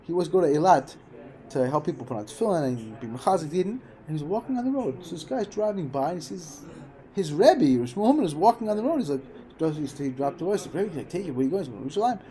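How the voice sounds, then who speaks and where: A man's voice: fairly high pitch, sing-song, fast, mellow. A man giving an informal Torah class, telling stories and repeating phrases for emphasis. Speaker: Torah teacher.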